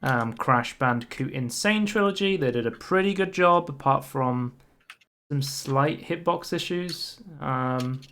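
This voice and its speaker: A man's voice: medium pitch, unhurried. A young man co-hosting a podcast, chatting casually and reading out game news with frequent ums. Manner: relaxed, reads out news with many ums. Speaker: podcast co-host. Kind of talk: casual chat.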